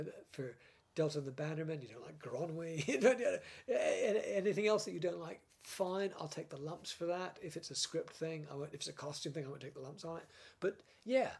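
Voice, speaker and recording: An older British man, a former script editor, telling stories in a casual interview with lively laughs and frequent restarts. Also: high voice, vocal fry, breathy edge. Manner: animated storyteller, laughs often, many restarts.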